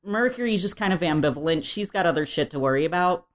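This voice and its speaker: Chatty and quick to laugh, this podcast co-host runs through a game recap with plenty of filler words. She talks fast and animatedly in a lowish voice.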